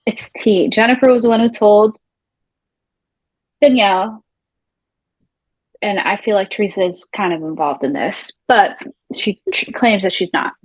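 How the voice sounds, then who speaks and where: A young woman co-hosting a casual TV recap, animated and swearing casually as she retells the drama. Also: medium pitch, measured pace, pauses often, breathy edge, no echo, poor audio. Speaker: recap show co-host.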